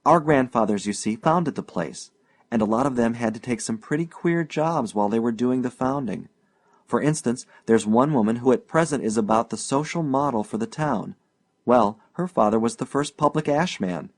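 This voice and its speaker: An eager, boastful young man pushes his words out loudly and emphatically, as a male narrator reads him. He sounds keen to impress in this storybook scene. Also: medium pitch, animated, moderate pace.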